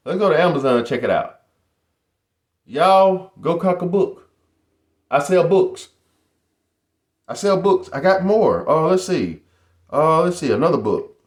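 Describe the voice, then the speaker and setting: A middle-aged man talks straight to his viewers in a casual home vlog. His pitch swings widely as he boasts and hypes up his audience, and the room gives his voice a noticeable echo. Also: a little slow, long pauses. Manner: animated, boastful, addresses viewers as "y'all". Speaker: YouTuber.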